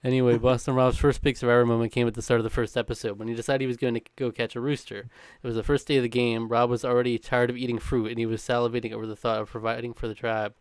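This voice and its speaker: A man's voice: mid-range voice, flat delivery, clear, resonant tone, dry recording. A man co-hosting a podcast, reading a countdown script with a chuckle now and then, mixed with casual chat. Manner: brisk, chuckling between lines.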